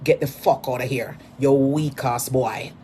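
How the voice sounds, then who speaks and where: A Jamaican woman delivering a mocking, repetitive rant at a rival, hurling insults in sudden loud bursts. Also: a bass voice, fairly even intonation, unhurried, slight background noise. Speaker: social media personality.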